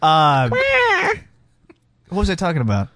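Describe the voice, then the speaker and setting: Lively joking male radio host. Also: fairly high pitch, a little slow, no echo. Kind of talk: casual studio banter.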